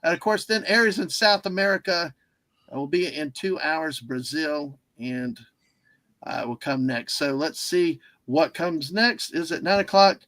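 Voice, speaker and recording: A man hosts a casual livestream in a rambling, easily distracted way. His voice is high and bright. The sound is dry and close. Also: measured pace, no echo. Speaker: livestream host.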